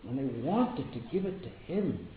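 A man's voice: mid-range voice, very animated, normal speed. A man giving a devotional talk, telling stories and often repeating words for emphasis. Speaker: spiritual teacher. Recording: echoey room over a tinny phone-like line with background noise.

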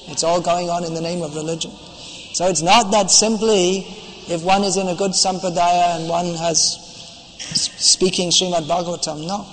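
A man with a high voice preaches a devotional lecture in a hall with a long echo. He is emphatic and scolding, quotes Sanskrit verse and drives his points home with insistence. A faint hum of ambience sits behind him.

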